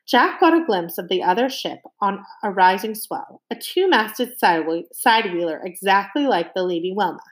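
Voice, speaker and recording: A woman narrating a children's adventure novel aloud in an expressive, animated reading. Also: medium pitch, moderate pace, hardly any pauses, low-quality recording. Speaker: audiobook narrator. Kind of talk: storybook narration.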